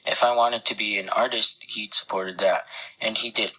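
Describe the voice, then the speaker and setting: A man reading a first-person account aloud in a calm, measured, reflective way. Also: fairly low pitch, slight background noise, poor audio.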